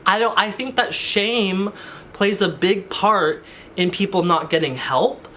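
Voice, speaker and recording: Bright-voiced rambling young guy vlogger. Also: sits high, slow, a little hiss or hum. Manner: rambling, self-interrupting, jokey asides. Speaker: YouTuber. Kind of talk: casual vlog chat.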